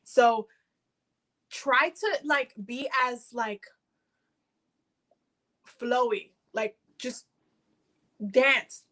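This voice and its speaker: Bright-voiced young woman reading oracle cards. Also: fairly high pitch, very slow, long pauses. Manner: rambling, heavy on "like" fillers, calls viewers pet names. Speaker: oracle card reader. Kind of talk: casual livestream card reading.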